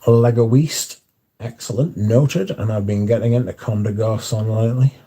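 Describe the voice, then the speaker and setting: Male streamer, very dark mellow tone, dry offhand delivery, reads chat and answers briefly. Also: lowish voice, moderate pace, breathy edge. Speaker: livestream host reading chat. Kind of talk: casual chat.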